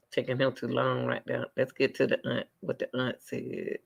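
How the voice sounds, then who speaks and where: A man doing live reaction commentary on a video, animated and talking straight to his chat. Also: medium pitch, moderate pace, vocal fry, few pauses, husky. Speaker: commentary streamer.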